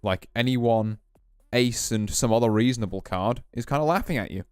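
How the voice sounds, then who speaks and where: Male streamer, smooth clear voice, dry close sound, faint music underneath; relaxed, thinking out loud over poker hands. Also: medium pitch, fairly quick, no room sound. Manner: relaxed, musing, explains hands as he plays. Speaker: VTuber streamer. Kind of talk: casual poker play commentary.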